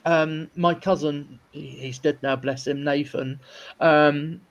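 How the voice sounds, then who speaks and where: A man's voice: a little high, fairly even intonation, slow pace, muffled recording. A man, a filmmaker guest, chatting casually in an interview and telling rambling stories with stammered restarts.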